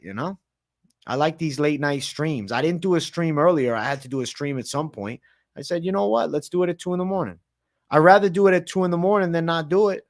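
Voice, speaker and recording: A man hosting a casual late-night livestream Q&A, chatting in a laid-back, slangy way and answering viewers. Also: on the high side. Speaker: MMA livestream host.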